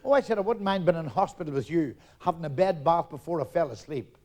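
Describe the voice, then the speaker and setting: Brash, high-voiced comic. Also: male voice, animated. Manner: rapid-fire punchlines, loud and brash, acts out characters. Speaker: stand-up comedian. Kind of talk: live stand-up joke telling. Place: theatre stage, audience laughter.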